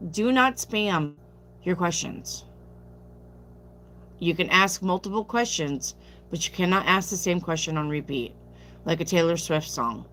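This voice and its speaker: Brief: lower-voiced woman, sleepy live-stream tarot reader, blunt casual answers, faint hum behind. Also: a bit bright. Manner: chatty, reads viewer questions aloud and answers bluntly. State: sleepy, yawning.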